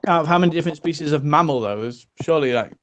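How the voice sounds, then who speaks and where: A man's voice: on the high side, rapid-fire, background noise. A man in casual commentary chat, asking skeptical questions. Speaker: co-host commenting on a video.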